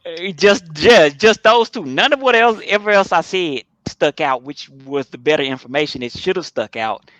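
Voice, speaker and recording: Bright, dry-miked man on a podcast. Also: fairly high pitch, expressive, normal speed, few pauses, no room sound, muffled recording. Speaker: podcast co-host. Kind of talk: casual chat.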